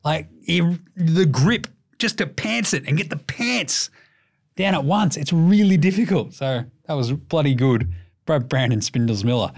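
A man's voice: a little high, lively intonation, a little slow, creaky. A man with an Australian accent hosting a casual basketball podcast, rambling, swearing and joking. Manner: profane, rambling, jokey. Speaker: podcast host. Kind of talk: casual sports commentary.

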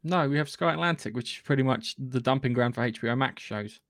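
A man co-hosting a podcast, brisk and teasing, swearing casually as he brings up news. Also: medium pitch, fairly bright tone, dry recording, clean studio sound. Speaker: podcast co-host. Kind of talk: casual chat.

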